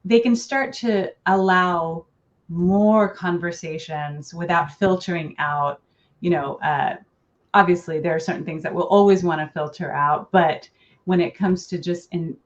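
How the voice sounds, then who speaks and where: A woman's voice: fairly low pitch, steady tone, normal speed. A middle-aged woman, a relationship therapist, talking earnestly as a podcast guest with light laughs now and then. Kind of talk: podcast interview. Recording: dull lo-fi sound.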